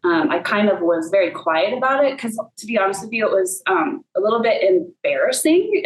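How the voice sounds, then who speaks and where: Woman, chatty storytelling, lots of fillers, middle pitch, roomy echo. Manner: casual storytelling with many fillers. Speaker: guest. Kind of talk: personal faith testimony.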